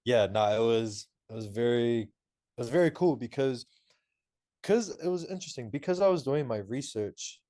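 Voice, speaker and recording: A young man in his twenties from New Zealand, a podcast guest and student telling stories in an animated, laughing way with lots of fillers. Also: medium pitch, normal speed, no room sound, clean studio sound. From Auckland, New Zealand. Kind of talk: casual interview talk.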